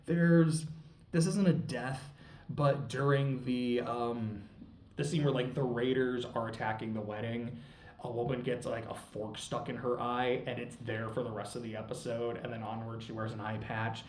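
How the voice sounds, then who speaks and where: A man's voice: medium pitch, steady tone, normal speed, a little mellow, slight background noise. A young man reviewing a show in a casual, rambling way, full of fillers, laughter and cursing. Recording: roomy echo, mic at a distance.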